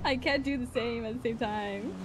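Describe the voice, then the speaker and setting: A woman's voice: on the high side, normal speed, crowd noise. A woman in game roleplay, playful and pleading, apologizing over and over. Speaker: roleplay player.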